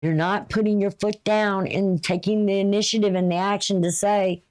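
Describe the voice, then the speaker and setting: A woman's voice: mid-range voice, steady tone, moderate pace, a little mellow, clean tone. A woman giving a casual, folksy astrology reading, chatty and advice-giving, with a runny nose. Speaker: astrology and tarot reader.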